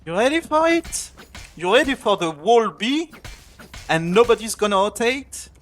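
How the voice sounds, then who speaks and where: A man's voice: high voice, very animated, moderate pace, soft background music. A man streaming live gameplay, ranting angrily at his teammates with heavy swearing. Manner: complains loudly about teammates. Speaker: streamer playing a competitive shooter.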